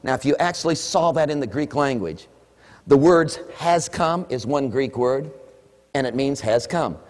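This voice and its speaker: A man preaching a sermon with animation. He swings between hushed asides and shouts, and he playfully acts out imagined listeners. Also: mid-range voice, expressive, moderate pace, in a large hall.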